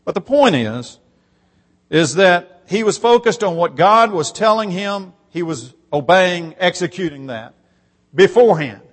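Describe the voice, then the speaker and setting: High-pitched preacher guy reading scripture, gets emphatic on repeats, long hall echo. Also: animated, measured pace. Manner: emphatic, rising on repeated phrases, reads scripture aloud. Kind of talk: sermon.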